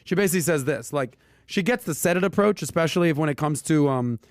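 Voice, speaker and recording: A man hosting a casual personal finance podcast, talking with punchy emphasis and lively asides. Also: on the high side, quick pace, dry recording, studio quality. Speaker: podcast host.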